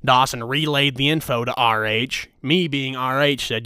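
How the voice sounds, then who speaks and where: A man's voice: mid-range voice, fairly even intonation, moderate pace, hardly any pauses, sharp tone, clear, resonant tone, dry recording, clean studio sound. A man hosting a casual podcast, ranting in a crude, mock-angry, teasing way. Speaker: podcast host. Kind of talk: crude comedic rant.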